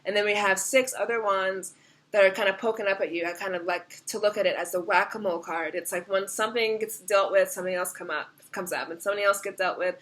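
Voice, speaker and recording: A young woman talks through a tarot reading in a chatty, unfiltered style, cursing freely and laughing along the way. Her voice is bright and forward. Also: medium pitch. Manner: animated, swears freely, laughs often. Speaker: tarot reader.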